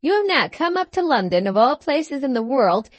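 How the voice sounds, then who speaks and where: A genial, fussy middle-aged lawyer, as a woman reader puts him on, brisk and a little pitched up. The voice is close and dry, like a storybook reading. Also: big pitch swings, no room sound.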